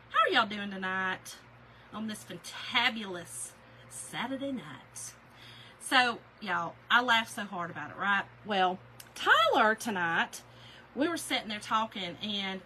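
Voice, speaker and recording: A woman's voice: medium pitch, lively intonation, a little slow, pushed and bright, slight background noise, rough recording. A middle-aged woman, chatting casually on a craft live stream, telling stories, laughing often and greeting viewers by name.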